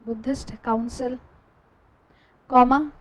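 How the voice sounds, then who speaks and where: An Indian English-accented woman teaches a class, dictating notes at a slow, steady pace. She repeats each phrase so students can copy it down. Her voice sits notably high. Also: a little hiss or hum, poor audio.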